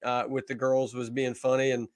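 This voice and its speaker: A man's voice: medium pitch, flat delivery, normal speed, no room sound, studio quality. A man with an East Tennessee accent, a comedian guest chatting in a rambling, self-deprecating way. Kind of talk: casual interview chat.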